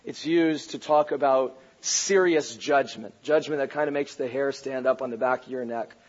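A pastor preaching a sermon, animated and playful, raising his voice to a shout for emphasis. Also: mid-range voice, normal speed. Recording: dull lo-fi recording.

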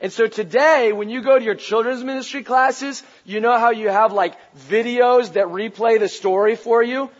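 A pastor preaching a sermon, animated and playful, raising his voice to a shout for emphasis. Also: extremely high pitch, normal speed, few pauses. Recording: dull lo-fi recording.

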